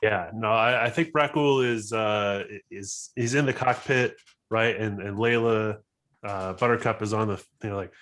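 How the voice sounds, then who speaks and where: A man playing a tabletop role-playing game, telling what his character does in an animated way. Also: lowish voice. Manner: animated, jumps into quick character voices. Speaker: player.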